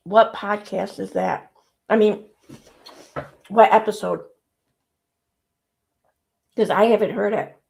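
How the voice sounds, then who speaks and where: A woman livestream host talks casually and reads viewer comments aloud. Her voice has a gravelly edge, and she reacts freely, often with a sarcastic twist. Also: medium pitch, fairly even intonation, slow pace, long pauses, a little mellow.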